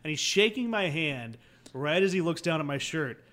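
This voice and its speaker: Male podcast guest, higher-than-average voice, lively storyteller who performs the quotes. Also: moderate pace. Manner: acts out quoted voices, swings loud and soft. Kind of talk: animated comic storytelling.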